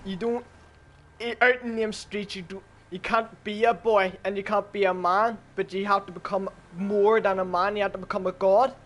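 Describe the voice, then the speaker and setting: A man voicing a stern older Russian grandmother with a Russian accent, speaking low, flat and deadpan. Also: moderate pace. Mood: lecturing.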